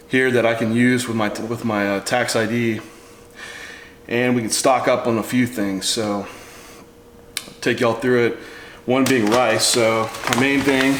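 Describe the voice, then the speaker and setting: A man's voice: mid-range voice, a bit bright, a little hiss or hum. Chatty man talking numbers in an echoey room. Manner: chatty, rambling, talks through numbers aloud. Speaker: nutrition coach. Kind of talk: casual vlog walkthrough.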